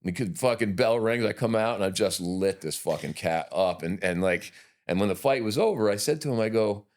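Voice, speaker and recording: Deep-voiced middle-aged man telling stories. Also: expressive, fairly quick. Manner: profane, rambling anecdotes with restarts. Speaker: podcast guest. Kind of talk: casual interview storytelling.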